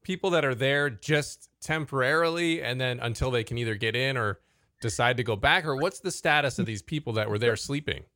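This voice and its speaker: A man's voice: mid-range voice, brisk, bright, forceful tone, no echo, clean studio sound. A man hosting a podcast, reacting briefly and asking a follow-up question in casual chat. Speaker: podcast host.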